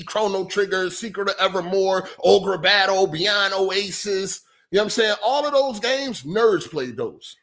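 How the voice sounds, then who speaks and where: A man's voice: high voice, a bit bright. A middle-aged man hosting a podcast, ranting in a heated, profane and repetitive way, exasperated. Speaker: podcast host.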